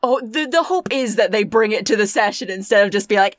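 Woman host, chatty and giggly, dry close sound, quick bursts. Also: mid-range voice, lively intonation, no echo. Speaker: podcast host. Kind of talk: casual podcast chat.

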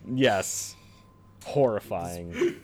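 A man on a casual podcast, cutting in with crude jokes and halting, stumbling remarks. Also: lowish voice, huge pitch swings, crowd noise. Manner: crude, joking interjections, halting. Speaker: podcast co-host. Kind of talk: casual chat.

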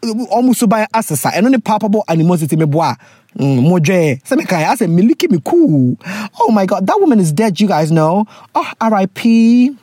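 A woman, hosting and reading out a listener's letter with casual advice, animated and laughing, often slipping into pidgin. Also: medium pitch, brisk, slightly rough, no room sound, studio quality.

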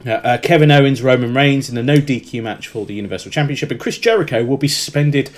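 A man's voice: medium pitch, quick pace. A man from Britain co-hosting a casual wrestling podcast, joking and laughing a lot while he reads through the upcoming matches. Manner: jokey, laughs often, reads out the match card. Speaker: podcast co-host.

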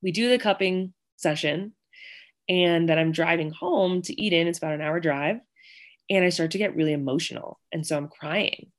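A woman's voice: on the low side, normal speed. Young woman guest, chatty storyteller, filler-heavy, slips into quoted voices. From Connecticut and Virginia, US. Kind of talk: casual storytelling interview.

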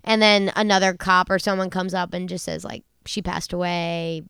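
A woman's voice: lowish voice, flat delivery, normal speed, vocal fry, a bit bright, clean tone, dry recording, clean studio sound. A woman hosting a podcast, chatting casually with many fillers and some swearing. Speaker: podcast host. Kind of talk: casual chat.

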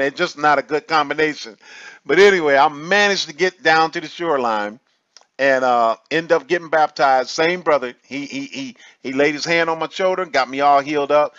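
Animated man telling a lively testimony. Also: a little high, no room sound, lo-fi sound. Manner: animated storytelling, laughs often, many restarts. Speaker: testimony vlogger. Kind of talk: casual spoken testimony.

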